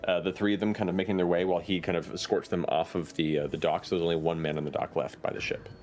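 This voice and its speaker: A man narrating a tabletop game as game master, describing scenes and calling for rolls. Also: sits low. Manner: lively, animated narration with quick asides.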